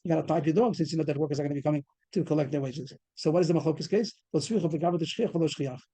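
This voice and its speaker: Fast-talking man teaching a Talmud class. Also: a little high, mellow, slightly rough. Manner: explains step by step, quizzes the class with questions. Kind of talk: fast Talmud study lecture. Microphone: video call. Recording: video call recording.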